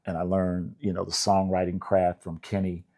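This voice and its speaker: An older songwriter from Indianapolis, USA, tells relaxed stories as an interview guest, laughing and acting out the voices of people he quotes. His voice is deep and his pace moderate.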